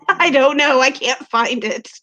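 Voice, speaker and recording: Ozarks woman, livestream host; high, bright, unhurried, chatty and giggly. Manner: chatty, giggly, reads comments aloud. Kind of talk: casual livestream chat.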